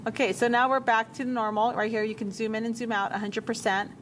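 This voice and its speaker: A woman teacher walking a class through a software task step by step, repeating menu names as she checks her work. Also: a little high, level tone, fairly quick, a little hiss or hum. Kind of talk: software tutorial walkthrough.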